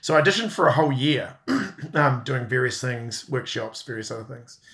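A man in his fifties with a New Zealand accent telling stories as a podcast guest, chuckling and self-deprecating and often clearing his throat. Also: medium pitch, normal speed, a bit bright. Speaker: guest actor. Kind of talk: relaxed anecdotal storytelling.

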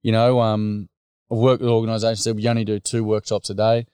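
An Australian man talks candidly in a relaxed interview, slipping into quoted voices as he tells his stories. His voice sits low, and the sound is close and dry with no room around it. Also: fast, clear, resonant tone, dry recording. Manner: blokey, frank, storytelling with acted quotes. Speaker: workshop facilitator and guest. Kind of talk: casual conversational interview.

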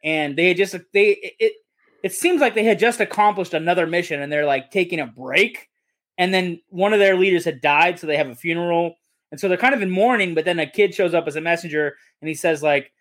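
A podcast co-host with a high, slightly bright voice talks fairly quickly about a movie. His take is casual, rambling and enthusiastic, and he keeps correcting himself.

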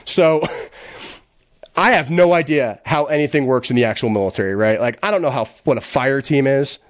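A man's voice: medium pitch, no room sound, clean studio sound. A man guesting on a podcast, telling a story in a blunt, profane way, chuckling often and packing his talk with fillers. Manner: quick, animated retelling with many fillers. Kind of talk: casual storytelling.

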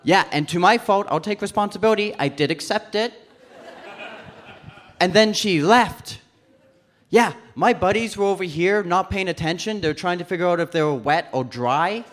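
A man's voice: high-pitched, moderate pace, fairly bright tone. A man doing stand-up comedy on stage, telling a story and acting out the other people's voices. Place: comedy club stage before a live audience.

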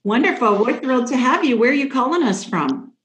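A woman's voice: high-pitched, expressive, brisk, a bit bright. Chatty upbeat woman hosting a call-in show. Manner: chatty, upbeat, self-joking. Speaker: radio show host and psychic. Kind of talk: casual call-in show chat. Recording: roomy echo.

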